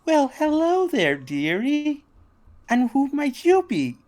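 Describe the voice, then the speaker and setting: A game master voicing a cheery, doting female cartoon doll with a high, sing-song, fussing voice. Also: wildly swooping pitch, slow pace, darkish tone, heavily acted. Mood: sweet, welcoming. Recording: faint background noise.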